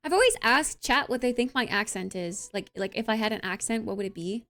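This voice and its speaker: A young woman streamer chats casually with her live audience, with a slightly higher voice than most. Her delivery is bubbly and animated, and "like" turns up often between her thoughts. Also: brisk. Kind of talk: casual chat, reading and answering live chat.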